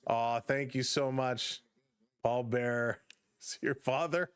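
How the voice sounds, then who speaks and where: A middle-aged man from Canada calls a baseball game live for his stream, reading viewer comments aloud between pitches. His voice sits at an ordinary middle pitch and sounds close and dry. The recording has almost no room sound. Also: fairly even intonation, slow pace, clean tone, dry recording. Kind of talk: live play-by-play with chat reactions.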